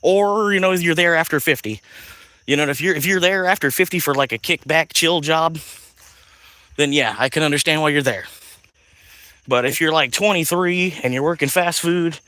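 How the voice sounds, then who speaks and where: Man, casual livestream chat, bright voice, rambling and profane. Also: fairly high pitch, normal speed, smooth, dry recording, low-quality recording. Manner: rambling, profane, laughs often. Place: outdoors at night.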